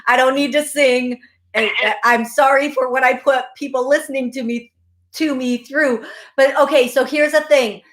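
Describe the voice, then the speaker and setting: Effusive psychic host, high voice. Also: female voice, fairly even intonation, normal speed. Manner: effusive, emphatic, repeats phrases. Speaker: psychic medium radio show host. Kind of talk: call-in psychic reading.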